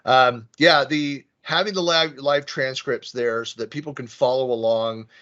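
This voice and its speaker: A man's voice: mid-range voice, unhurried, bright, forceful tone, lo-fi sound. A man with a Western US Bay Area accent giving an online presentation, rambling and self-deprecating, with many fillers and restarts. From San Francisco Bay Area. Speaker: conference speaker. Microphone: video call.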